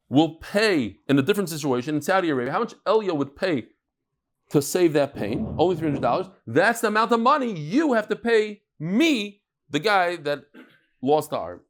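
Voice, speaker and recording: Animated man teaching Talmud. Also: on the high side, moderate pace. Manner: lively storytelling with jokes and Yiddish words. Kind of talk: daily Talmud lecture.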